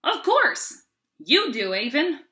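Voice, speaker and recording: A woman voices a very old, forgetful soda-shop man from a storybook, who calls out in a high, loud, chirpy voice well above her own. He is cheerful and bright. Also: big pitch swings, takes it slowly, exaggerated voice. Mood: cheery.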